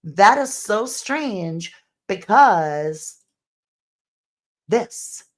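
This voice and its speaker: A woman's voice: medium pitch, animated, very slow. A woman hosting true crime commentary who reads out messages and asks speculative questions about the case. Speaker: true crime channel host.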